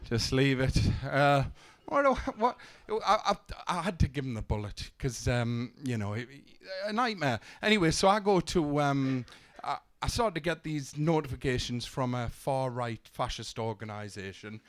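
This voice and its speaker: A young man doing a stand-up set, telling deadpan one-liners with stumbling restarts, on a comedy club stage. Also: medium pitch, moderate pace, hardly any pauses. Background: audience laughter.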